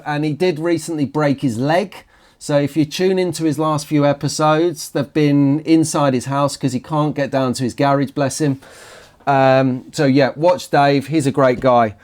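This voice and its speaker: A man's voice: on the high side, darkish tone. A British man talking casually to camera as a hobby vlog host, chatty and rambling, often restarting his sentences. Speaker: slot car vlogger.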